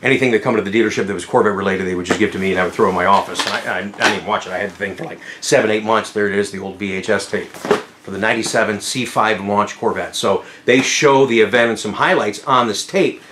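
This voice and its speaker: A middle-aged man telling stories about his car sales career in a casual vlog, excited, often laughing and acting out what people said. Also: on the low side, fast talker, roomy sound, background noise. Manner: excitable, laughing, acts out quotes. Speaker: car salesman and channel host.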